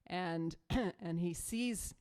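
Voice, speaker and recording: A woman with a slightly low voice chats casually on a choir live stream. She rambles through her stories with plenty of fillers and restarts. Her mic sits a little away from her rather than right in front of her mouth. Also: drawn-out words, darkish tone, smooth. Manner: chatty, rambling storyteller with many fillers and restarts. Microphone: mic set away from her, not in front of her mouth.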